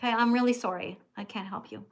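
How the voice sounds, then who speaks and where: A woman's voice: on the high side, fast. A middle-aged American woman hosting a livestream in casual chat, emphatic and scolding, repeating herself. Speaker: livestream host.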